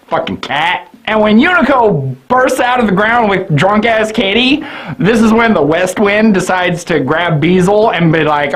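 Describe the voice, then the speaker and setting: A man's voice: high-pitched, expressive, measured pace, a bit bright, rough recording. A drunk man rambles loosely through a comedic review, cursing freely. He keeps breaking into laughs at his own jokes. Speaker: anime reviewer.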